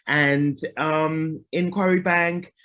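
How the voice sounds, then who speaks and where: A female guest musician from Liverpool, England, chats casually in an interview with a softened Liverpool accent. Her deep voice is steady and unhurried, though the recording has its highs cut off. She speaks with ease, laughs frequently and trails off on ums.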